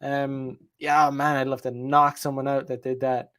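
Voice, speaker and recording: A man's voice: mid-range voice, flat delivery, measured pace, fairly bright tone. A podcast host, a man, talking in a heated, profane casual monologue with lots of emphasis.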